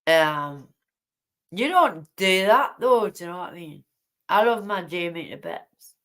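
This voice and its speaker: A woman speaks in a slow, drawn-out way while hosting a casual livestream from home late at night. She rambles and sounds indignant, breaking off to greet viewers in her chat. Her pitch sits in an ordinary middle range. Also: a bit bright. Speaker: livestream host.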